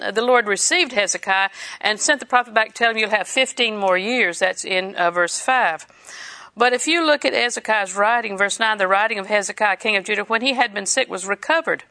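A woman's voice: fairly high pitch, bright, forceful tone. A woman preaching a sermon, reading scripture in a conversational way and laughing often.

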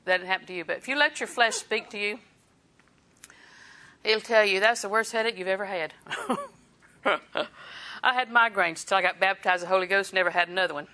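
A middle-aged woman giving a sermon, her voice bright and forward. She talks to the congregation in a relaxed, conversational way, breaking into small laughs and acting out quick quoted lines. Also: mid-range voice. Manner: conversational preaching with chuckles and quoted asides. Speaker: preacher.

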